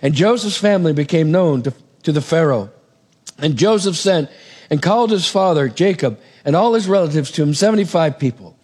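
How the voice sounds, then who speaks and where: A man preaching a sermon, retelling a Bible story in a casual, animated way with asides to the congregation. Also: a little high, fairly quick.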